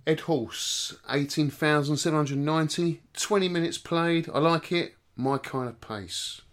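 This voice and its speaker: A man's voice: on the high side, measured pace. A man co-hosting a casual arcade podcast, reading listener scores in a laid-back way. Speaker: podcast co-host.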